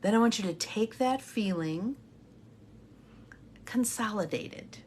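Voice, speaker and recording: A middle-aged woman coach leading a guided imagery meditation in a soft, half-whispered, breathy voice. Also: mid-range voice, expressive, unhurried, slight background noise. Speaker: intuitive guidance coach.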